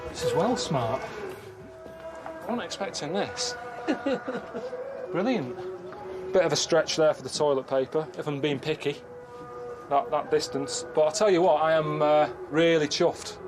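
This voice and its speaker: A man grumbling to camera on a trip, moaning in a deadpan way about everything that goes wrong. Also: fairly high pitch, normal speed. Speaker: reluctant traveller. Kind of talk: grumbling travel diary to camera. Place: outdoors on a busy travel trip. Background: background music.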